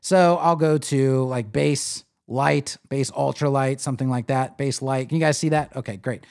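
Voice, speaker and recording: A man's voice: mid-range voice, normal speed, gravelly. A man hosting a live web design stream, casually explaining as he clicks through a site builder and talking to viewers. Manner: casual, animated, talks to viewers while clicking. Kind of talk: live screen-share tutorial.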